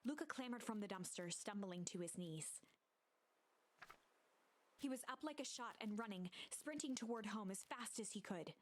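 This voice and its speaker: A voice narrating a storybook adventure game in a soft, even storyteller manner. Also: medium pitch, moderate pace, slight background noise, lightly acted.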